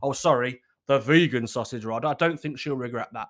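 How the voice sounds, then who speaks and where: A man's voice: mid-range voice, fairly quick, a bit bright. Cheeky sweary man podcasting. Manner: cheeky, sweary, laughs at his own jokes. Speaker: podcast host. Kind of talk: casual solo podcast chat. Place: at home in his kitchen.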